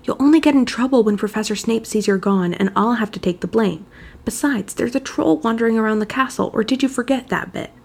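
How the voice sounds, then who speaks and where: A woman voicing a haughty, sneering schoolboy wizard who talks with scornful impatience, in a higher, gravelly tone. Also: fairly quick.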